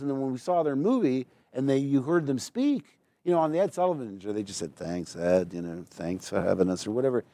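An American man, a voice actor being interviewed, telling stories casually in a rambling, quick way full of restarts. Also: mid-range voice, warm tone, no room sound, clean studio sound.

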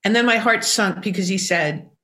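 Older woman telling lively stories. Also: mid-range voice, moderate pace. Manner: animated, lively anecdotal storytelling. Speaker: songwriter guest. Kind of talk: storytelling interview answers.

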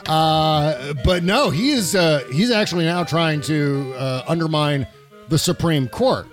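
Animated male political talk host. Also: a little high, soft background music. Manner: animated, laughs often, rapid asides. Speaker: podcast host. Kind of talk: political talk show chat.

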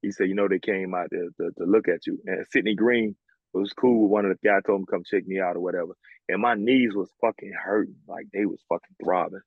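Deep, husky, and quick, the man's voice is recorded dry with phone-like quality. He played college basketball, hails from the American South, and in a casual interview tells lively, blunt stories loaded with profanity.

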